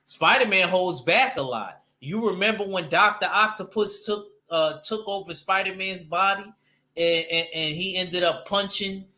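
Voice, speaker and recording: Man, slightly high pitch, sharp bright tone, animated casual talker who stumbles and restarts. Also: unhurried. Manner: animated, loose slang, frequent restarts. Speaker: panel guest discussing comics. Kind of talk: casual chat.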